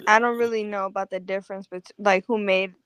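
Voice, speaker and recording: Calm woman with a smooth, dry voice. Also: mid-range voice, no echo. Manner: calm, measured pushback. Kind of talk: casual live-stream debate.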